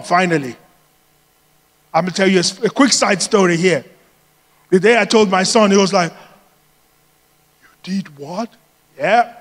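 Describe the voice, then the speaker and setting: High-voiced pastor in an echoing hall. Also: male voice. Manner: lively, laughs often while telling stories. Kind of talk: sermon with personal storytelling. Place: large church hall. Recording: long reverb of a church hall.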